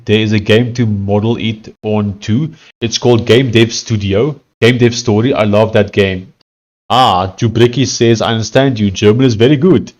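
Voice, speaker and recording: A young man talks casually through a live coding stream, voice sitting a little low. He thinks out loud, trails off mid-sentence and fills the gaps with "um" and "uh" as he reads the chat. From South Africa. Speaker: live-streaming software developer.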